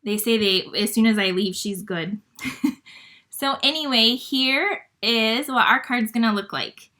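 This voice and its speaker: A woman from Michigan hosting a live paper-craft demonstration, chatty and fast-talking with plenty of fillers. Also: fairly high pitch, sharp tone. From Michigan, USA. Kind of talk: casual live craft demo.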